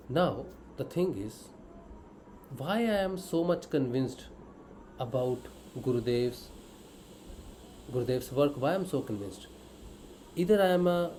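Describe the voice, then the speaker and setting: A man's voice: medium pitch, dark tone, slight background noise, poor audio. A man giving a devotional teaching talk, earnestly asking his own questions and answering them as a disciple. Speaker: spiritual disciple explaining scripture.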